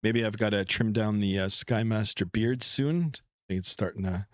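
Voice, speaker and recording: A man's voice: lowish voice, moderate pace, no echo. A middle-aged man talks casually into a headset mic, rambling through his setup with lots of "uh"s. His voice is dry and close, with no room around it. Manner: relaxed, rambling, many fillers. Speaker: flight sim streamer. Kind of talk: casual live-stream chat. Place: home room.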